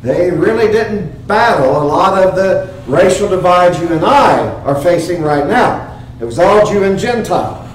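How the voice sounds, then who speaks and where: Man, high-pitched pastor, earnest emphatic sermon, distant mic in a very echoey sanctuary. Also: a little hiss or hum. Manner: earnest, emphatic preaching with rhetorical questions. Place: church sanctuary. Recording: very echoey church, heard from afar.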